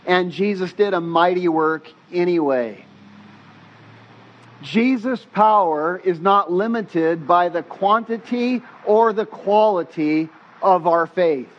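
A man preaching a sermon as pastor, telling stories with animated, casual delivery and slang. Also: high voice, slow pace, highs cut off.

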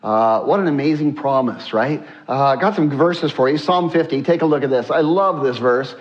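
Fairly high-voiced male pastor preaching. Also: normal speed, lo-fi sound. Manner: energetic, exclamatory, frequent uh fillers; asks congregation to read along. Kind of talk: sermon.

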